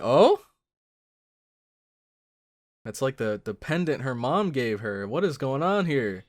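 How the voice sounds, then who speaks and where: A man giving casual reaction commentary, thinking out loud with lots of fillers and breaking into loud excited exclamations. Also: mid-range voice, slow, pauses often. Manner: thinks aloud with many fillers. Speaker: anime reaction host.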